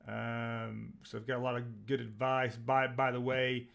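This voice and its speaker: Texas guy rambling through a live trading stream, reading tickers fast and getting hyped. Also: mid-range voice, vocal fry. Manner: rambling, excitable, reads out tickers. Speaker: livestream trading host. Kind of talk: live stock trading commentary.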